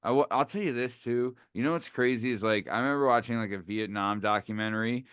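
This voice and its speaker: A man co-hosting a podcast, chatting in a relaxed, agreeable way. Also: mid-range voice, fast, clean tone, no echo, clean studio sound. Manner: relaxed, agreeable, many fillers. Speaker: podcast co-host. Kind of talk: casual podcast chat.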